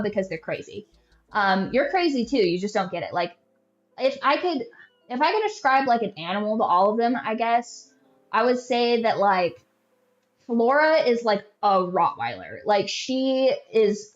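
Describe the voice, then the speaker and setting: A woman talks casually as a podcast host, spinning a long story in a blunt, profane way. She leans on filler words and slips into her friends' voices for quoted lines. Her pitch sits in a middle range, with faint music playing behind her. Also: lo-fi sound.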